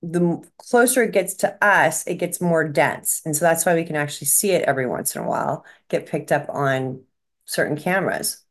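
Low-voiced woman relaying spirit messages. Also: expressive, moderate pace. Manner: rambling, restarts often, relays messages she is shown. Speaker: psychic medium guest. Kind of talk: casual chat.

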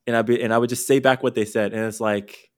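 Here the podcast host, a career coach, talks fast with medium pitch and fairly even intonation. The interview is casual and conversational, and he's candid, meandering and prone to cutting himself off mid-thought.

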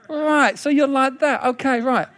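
A man preaching a sermon in a lively, humorous way, laughing often and repeating words as he goes. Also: very high-pitched, slow pace, a little hiss or hum.

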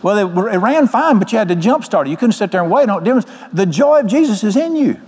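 A man's voice: high voice, very animated, brisk, a little mellow, breathy edge. An older man preaching a sermon as pastor, folksy and joking. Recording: long hall reverb.

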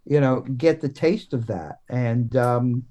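A man, a guest comics writer, talking in a casual podcast interview, halting and full of restarts and fillers. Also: medium pitch, mellow.

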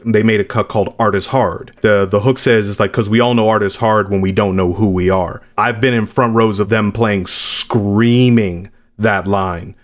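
A man in his late thirties, a musician being interviewed. His voice sits on the low side, and he talks candidly and reflectively, with the odd blunt remark. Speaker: musician guest. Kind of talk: interview conversation.

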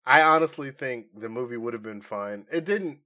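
A man co-hosting a casual film-review podcast with a bright, forward voice. His pitch swings widely and he laughs easily, tossing off jokey asides. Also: normal speed. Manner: animated, laughs a lot, acts out quotes in silly voices. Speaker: podcast co-host. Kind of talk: casual pop-culture review chat.

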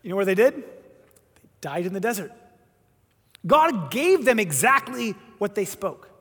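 High-voiced man preaching in a reverberant hall. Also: measured pace, breathy edge. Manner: animated, emphatic storytelling with voiced quotes. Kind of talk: sermon.

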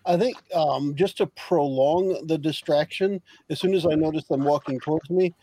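A man's voice: on the high side, moderate pace, dark tone, husky, no echo, low-quality recording. A man playing a tabletop game, thinking aloud as he explains what his character does. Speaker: player.

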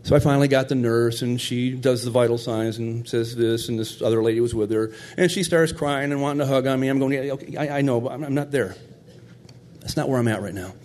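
A man's voice: medium pitch, brisk, darkish tone. Middle-aged guy telling a personal story, tender and chatty, ordinary mid-range voice. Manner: heartfelt, conversational, tender.

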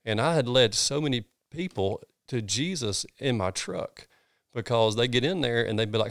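Middle-aged Southern man, pastor guest, folksy storyteller, smooth and clear. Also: mid-range voice, a little fast, no echo, studio quality. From North Georgia, US. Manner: earnest, animated storyteller with folksy sayings. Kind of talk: casual storytelling interview.

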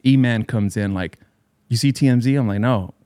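A man's voice: mid-range voice, normal speed, dark tone, dry recording, studio quality. A man and DJ telling a story in casual chat with friends, loose and profane with bro slang.

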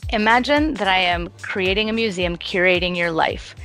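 A woman's voice: on the low side, normal speed, fairly bright tone, faint music behind. A woman hosting a conversational interview, asking open questions in an inviting way. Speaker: podcast host.

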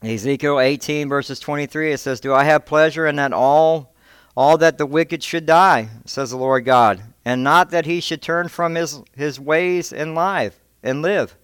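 A man's voice: a little slow, fairly bright tone, clean tone, no echo. A man preaching a sermon as a pastor, impassioned, often repeating words as he builds his points. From Texas, United States. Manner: impassioned, rising in pitch and force when quoting God; repeats words and restarts phrases. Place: church.

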